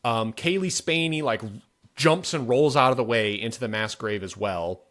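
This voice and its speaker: A man's voice: mid-range voice, moderate pace, fairly bright tone. A man co-hosting a podcast, casually recapping a movie scene with blunt, profane emphasis. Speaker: podcast co-host. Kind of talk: casual film review chat.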